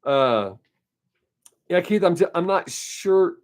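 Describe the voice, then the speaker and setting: A man speaks slowly and expressively in a high-pitched voice while hosting his weekly live stream. Chatting casually, he responds to comments from viewers, rambling, opinionated, and quick to laugh.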